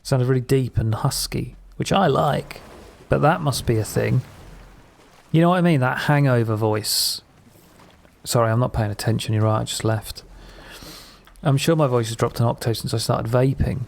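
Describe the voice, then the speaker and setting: A man's voice: medium pitch, normal speed, vocal fry. A man streaming a game, chatting with viewers in a rambling, sweary, jokey way. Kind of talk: casual live-stream chat while gaming.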